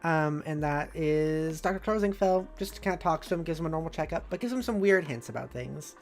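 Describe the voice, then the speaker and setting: Low-voiced woman rambling on a live stream. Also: lively intonation, fairly quick, a little mellow, faint music behind. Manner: rambling, filler-heavy, bubbly. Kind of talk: casual live-stream chat.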